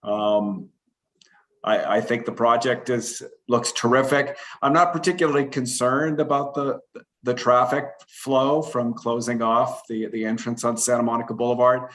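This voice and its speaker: A man's voice: medium pitch, steady tone, moderate pace, a bit bright. A man commissioner giving comments at a public meeting, speaking hesitantly with stammered restarts. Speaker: planning commissioner.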